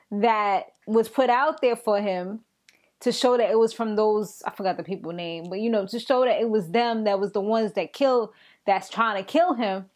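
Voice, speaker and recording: A young woman casually recapping a TV episode in an animated, slangy way. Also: on the high side. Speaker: TV recap vlogger.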